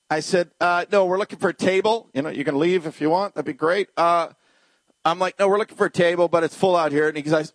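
Man, pastor, sermon storytelling, slightly high voice, acts out the dialogue, dry close sound. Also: fast talker, no echo. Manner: animated storyteller acting out dialogue, dropping to hushed tones.

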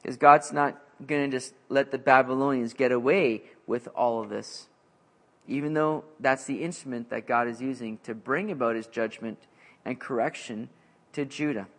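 A man preaching an expository sermon in a conversational, animated way, with frequent fillers. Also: mid-range voice, normal speed. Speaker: pastor.

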